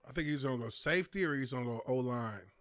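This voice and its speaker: A man's voice: mid-range voice, fast, fairly bright tone, no echo. A man co-hosting a stream, making confident calls in casual talk. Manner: confident predictions, throat-clearing asides. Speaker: stream co-host. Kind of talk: casual live-stream chat.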